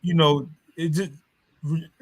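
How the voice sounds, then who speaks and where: A man talks casually on a live stream, his voice sitting a little high. He rambles loosely, circling back and restarting his sentences, and uses plenty of street slang. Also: flat delivery, takes it slowly, poor audio. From New York. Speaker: author and live stream host.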